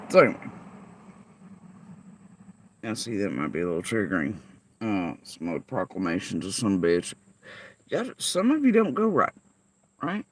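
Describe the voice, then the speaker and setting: A woman's voice: very deep voice, sing-song, moderate pace, pauses often, no room sound. A woman vlogger in a heated livestream rant, cursing freely and firing confrontational rhetorical questions at her chat.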